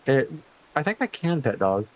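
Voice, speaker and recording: A chatty male streamer talks through a game live, at an ordinary mid pitch. He rambles casually, restarting sentences as he reads on-screen text aloud. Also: sing-song, moderate pace.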